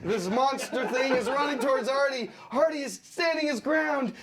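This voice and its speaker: High-voiced man pitching storyboards. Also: moderate pace, a loud crowd. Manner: playful, laughing, acts out the scene. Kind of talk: animated storyboard pitch narration.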